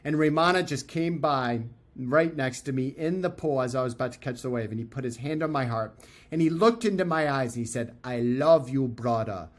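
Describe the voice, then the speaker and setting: Male podcast guest, casual anecdote-teller, animated, filler-heavy, mid-pitched. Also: brisk. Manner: animated, acts out quoted voices; loose, with fillers and restarts. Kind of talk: casual storytelling.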